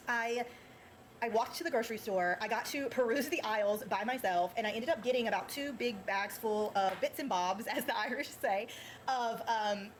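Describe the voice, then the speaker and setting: Her fairly high voice comes with a little hiss or hum as this North Carolina woman chats in a casual vlog about groceries. She's a bit teary, emotional and grateful, and uses plenty of fillers.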